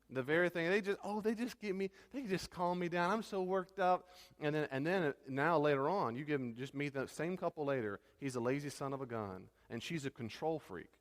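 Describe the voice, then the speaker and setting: A pastor teaching a church class in a conversational, animated way. He now and then trips over his words. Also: mid-range voice, long reverb tail.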